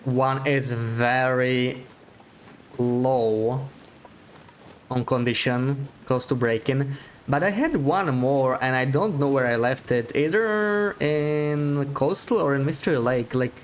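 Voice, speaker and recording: A man's voice: mid-range voice, takes it slowly, slight background noise. A man giving live gameplay commentary as a streamer, chatting to his viewers, thinking aloud and laughing often.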